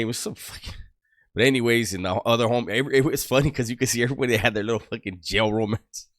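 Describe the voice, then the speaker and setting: A middle-aged man with a very low yet fairly bright voice tells a loose, rambling story from his past, packed with street slang and swearing. It's casual storytelling, recorded dry and close with no room around it.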